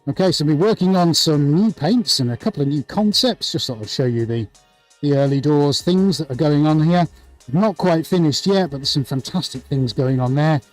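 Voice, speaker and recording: Guy running a live art stream, bubbly and jokey, kinda high voice, music going faintly behind. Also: moderate pace. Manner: chirpy, jokey, excitable. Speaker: artist hosting a live stream. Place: art studio.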